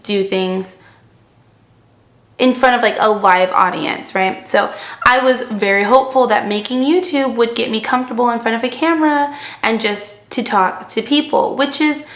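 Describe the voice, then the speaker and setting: A woman's voice: mid-range voice, a bit bright. A young woman vlogging to camera, chatting casually and rambling with lots of "like", seated indoors and recorded on the camera mic. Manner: chatty, rambling, heavy use of "like". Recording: echoey room.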